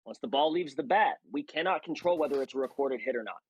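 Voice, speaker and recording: A man's voice: mid-range voice, animated, fast, slightly rough, no room sound, rough recording. A man speaking as a guest hitting coach, emphatic and coach-like, with many restarts. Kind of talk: casual conversational interview.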